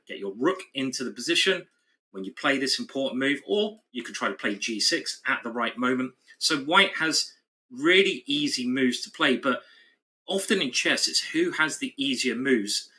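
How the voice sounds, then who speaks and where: A man's voice: mid-range voice, bright, forceful tone. A man commentating live on a chess game, chatty and explanatory with his co-host. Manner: chatty, explanatory, laughs easily.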